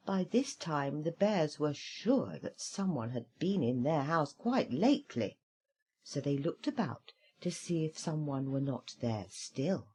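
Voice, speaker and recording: Slow breathy woman reading a fairy tale. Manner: expressive, swooping pitch with dramatic slowdowns. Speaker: storyteller. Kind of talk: storybook reading aloud.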